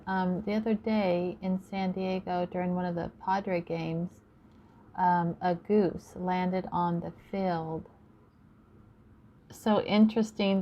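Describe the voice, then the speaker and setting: A woman talking in a rambling monologue to her viewers, listing words and numbers one after another. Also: mid-range voice. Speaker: video creator. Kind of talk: casual monologue. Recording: dull lo-fi sound, faint background noise.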